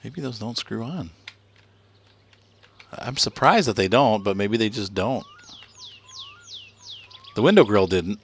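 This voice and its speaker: A middle-aged man with a fairly low voice chats through a video game session with his son. He talks in a loose, relaxed way, thinking out loud and chuckling as he works. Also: a little hiss or hum. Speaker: let's play host, father. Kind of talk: casual gameplay commentary.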